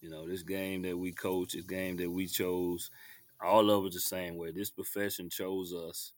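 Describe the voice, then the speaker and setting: A man, a basketball coach telling animated stories as an interview guest and acting out the referees. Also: deep voice, unhurried, no echo. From Texas. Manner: lively storyteller acting out referees and himself. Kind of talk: animated storytelling.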